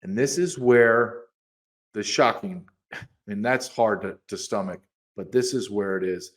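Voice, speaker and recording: Excitable man co-hosting a podcast. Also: lowish voice. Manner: animated, quick to get excited, reads quotes aloud. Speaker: podcast co-host. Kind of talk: casual podcast chat.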